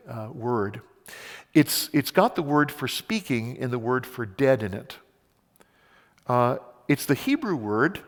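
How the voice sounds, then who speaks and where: A male pastor preaching a sermon, building to fervent runs and then falling to slow, quiet emphasis. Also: mid-range voice. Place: church sanctuary. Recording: long reverb of a church hall.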